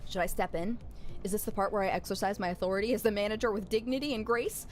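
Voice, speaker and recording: A woman's voice: mid-range voice, fairly even intonation, fast talker, soft background music. A woman streamer chatting playfully and reading game dialogue aloud, with giggly joking asides.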